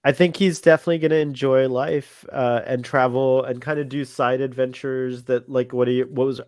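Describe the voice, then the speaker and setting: A man's voice: mid-range voice, steady tone, normal speed, a little mellow, no echo. Upbeat laughing man, dry close sound. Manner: enthusiastic, laughing, many fillers. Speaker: podcast co-host. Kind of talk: casual chat.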